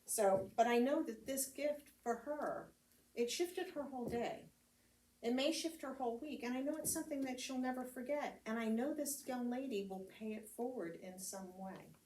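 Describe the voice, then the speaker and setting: A woman's voice: fairly high pitch, moderate pace, mellow. American lady pastor chatting thru her sermon, sounds kinda far off in an echoey room, faint hum behind. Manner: chatty storytelling with laughs and fillers. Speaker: reverend giving a homily. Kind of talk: casual conversational sermon. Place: church meeting hall. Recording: roomy hall, speaker heard from a distance, faint ambience.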